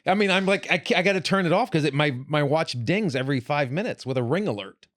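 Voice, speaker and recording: A man's voice: a little high, animated, fast talker, fairly bright tone, no echo, clean studio sound. Rambling, foul-mouthed male podcast host. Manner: rambling storyteller, swears freely, many restarts. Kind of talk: casual podcast chat.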